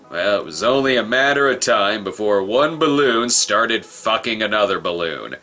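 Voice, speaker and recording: Sarcastic, bright-voiced male film critic. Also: on the low side, very animated, moderate pace, hardly any pauses, faint music behind. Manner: sarcastic and profane. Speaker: film reviewer. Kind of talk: comedic film review voice-over.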